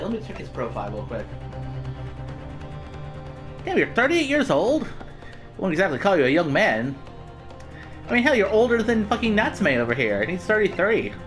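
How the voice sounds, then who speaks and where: A woman's voice: on the low side, big pitch swings, moderate pace, long pauses. A woman reading through a game and making casual, profane, joking asides as a let's-play host. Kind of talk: game playthrough commentary. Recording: game music in background.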